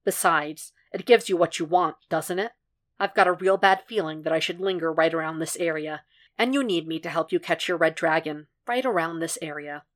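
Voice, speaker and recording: A woman's voice: normal speed, lightly acted. A woman reading as a weary, dry male profiler. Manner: low, dry, level delivery.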